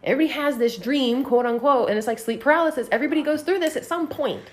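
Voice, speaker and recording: A woman's voice: sits high, very fast. A woman telling a personal story on a casual podcast, swearing freely and filling her talk with "like". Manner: profane, animated, heavy use of "like".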